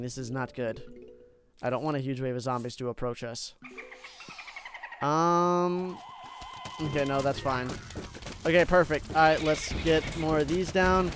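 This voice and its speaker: A man's voice: on the high side, animated, a little slow, long pauses, a bit bright, soft background music. A young man giving casual gameplay commentary, addressing his viewers as "guys" and swinging between hype and gloom. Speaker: gaming YouTuber.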